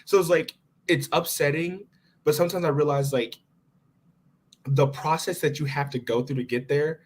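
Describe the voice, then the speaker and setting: Young man telling an animated story. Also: on the high side, moderate pace. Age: young adult. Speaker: guest. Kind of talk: casual conversation.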